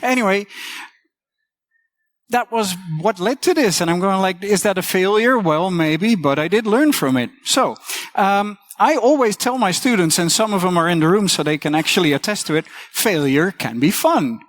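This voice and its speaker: A woman's voice: medium pitch, expressive, normal speed, no room sound. A woman teacher giving a casual conference talk, swearing freely and acting out the voices she quotes.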